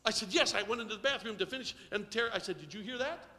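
A middle-aged male pastor preaching a sermon, leading call-and-response and swinging from hushed asides to shouting. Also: sits high, rapid-fire, big-room sound. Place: church sanctuary.

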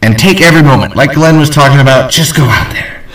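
A man hosting a podcast, signing off in an excitable, rambling way, nervous and cursing freely. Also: mid-range voice, quick pace, roomy sound, distant mic, poor audio. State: nervous and sweating. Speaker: podcast host. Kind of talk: rambling casual podcast sign-off.

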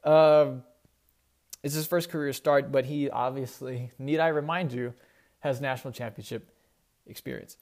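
A man's voice: mid-range voice, steady tone, normal speed, pauses often, a little mellow. A young man hosting a casual solo sports talk show, rambling and correcting himself as he goes. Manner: rambling, self-correcting, conversational. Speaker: sports podcast host.

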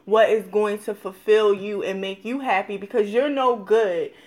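A woman hosting an interview, speaking with warmth and encouragement to her guest. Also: medium pitch, fairly even intonation, normal speed. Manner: encouraging, affirming. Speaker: host. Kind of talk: supportive interview chat.

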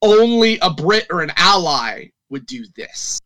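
A man's voice: sits high, animated, a little slow, pushed and bright. A man casually discussing a film as a podcast co-host, retelling scenes with many restarts and fillers.

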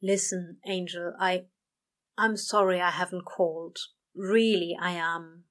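A woman reading a story aloud and voicing a tired, frightened male demon who mutters in a low, worn voice. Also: fairly even intonation, a little slow, a bit bright. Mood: weary.

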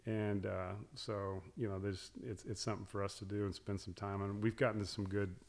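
Middle-aged guy, gravelly and low, rambling story w lots of restarts. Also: flat delivery, brisk. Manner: rambling storyteller with many restarts and soft trailing asides. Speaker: guest talking about hunting with his daughters. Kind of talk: casual conversation.

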